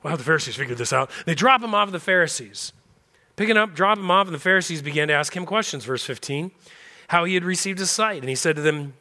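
Bright-voiced man preaching conversationally. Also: a little high, fast talker. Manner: animated, conversational preaching with asides. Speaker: pastor. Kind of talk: sermon.

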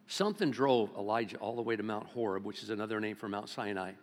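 Older pastor preaching in a reverberant church. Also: male voice, fast talker. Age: 70s. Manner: swings between loud exclamations and hushed low-key talk. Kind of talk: sermon. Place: church sanctuary. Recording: long reverb of a church hall.

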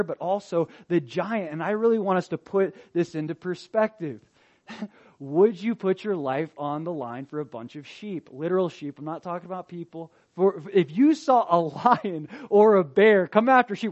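Male pastor, high voice, emphatic sermon delivery, slightly dull lo-fi recording. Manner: animated and emphatic, swinging from loud to quiet.

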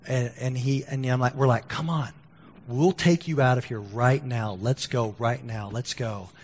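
A man's voice: mid-range voice, measured pace, husky, in a large hall. A male pastor preaching a sermon, telling a story with restarts and acted-out quotes, then leading a prayer. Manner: storytelling, lively quoted voices, stammered restarts. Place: church sanctuary.

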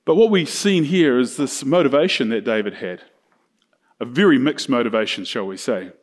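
A man preaches in a relaxed, chatty way. He retells an old story with lively pitch swings and pops into quick, playful voices for the characters along the way. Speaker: pastor. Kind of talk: sermon.

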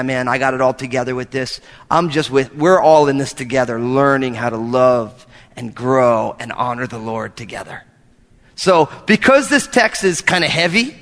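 A male pastor preaching a sermon in a church, an animated storyteller who jokes with his congregation. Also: mid-range voice, in a large hall. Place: church hall.

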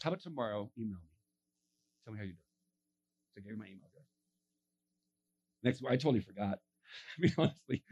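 A man's voice: a little high, a little mellow. A male pastor telling a sermon story, acting out the voices in it and laughing often.

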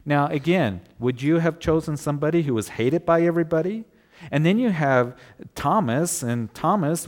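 Man preaching a conversational sermon. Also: fairly high pitch. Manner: conversational preaching with rhetorical questions. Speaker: pastor.

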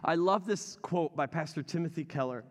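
A man's voice: fairly high pitch, moderate pace, big-room sound. A man preaching a sermon as pastor in a church, talking conversationally and addressing the congregation directly.

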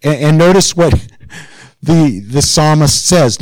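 A man's voice: a little high, animated, normal speed, a little mellow, no room sound, poor audio. A man pastor giving a sermon in an informal, chatty way, growing more intense as he presses a point. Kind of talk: conversational sermon.

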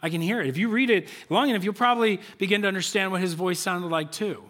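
A male pastor giving a conversational sermon in a church, animated and full of rhetorical questions and repeated phrases. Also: high voice, fast.

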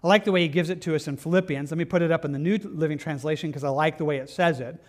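High-voiced man preaching a lively sermon. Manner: conversational preaching, acts out prayers with quick repeated phrases. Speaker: pastor.

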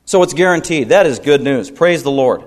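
In an expressive voice at normal speed, a man preaches as pastor, pressing his points with repetition and pointed questions to the congregation. His delivery is emphatic, with broad shifts in pitch and loudness.

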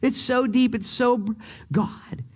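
A man preaching from the pulpit with a notably high voice for a man. He's animated and playful, cracking jokes and getting excited as he tells stories to his congregation through a microphone. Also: takes it slowly, breathy edge. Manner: animated, joking, excitable storyteller. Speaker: pastor. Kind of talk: sermon. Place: church sanctuary.

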